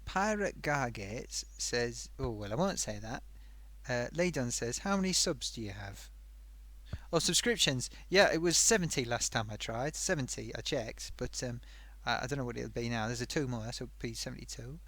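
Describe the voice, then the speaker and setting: A man's voice: medium pitch, animated, normal speed, a bit bright, dry recording. A man voicing a chatty talking sock puppet who hosts a live stream. He rambles, reads out viewer comments and hums to himself while he reads.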